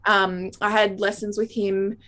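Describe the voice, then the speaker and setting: A woman's voice: medium pitch, little pitch movement, a little slow, a bit bright. Chatty Australian woman saxophonist. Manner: chatty, laughs often, tumbling thoughts. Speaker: guest saxophonist. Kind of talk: casual interview chat.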